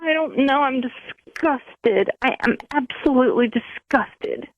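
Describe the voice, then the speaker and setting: Woman, outraged caller, repeats herself, higher pitch, dry, dull phone audio. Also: unhurried, dry recording. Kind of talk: emotional phone call. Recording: muffled phone line on radio.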